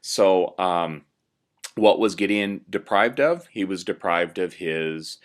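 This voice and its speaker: A man's voice: sits low, slow. A man teaching a recorded lesson, explaining step by step with many "uh"s and "um"s. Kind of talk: recorded classroom lecture.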